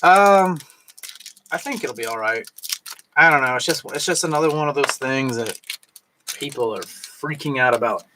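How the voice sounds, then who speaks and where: A man's voice: medium pitch, moderate pace, long pauses, noisy background. A man chatting casually on a live stream while drinking, rambling and tipsy, with lots of fillers and restarts.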